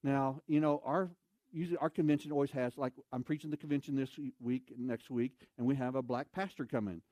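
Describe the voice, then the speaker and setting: A man preaching a sermon in a church, telling stories with lively, animated delivery and loud bursts of emphasis. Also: medium pitch, fairly quick, dry recording. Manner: animated storytelling, acts out voices, shouts for emphasis. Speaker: pastor. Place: church sanctuary.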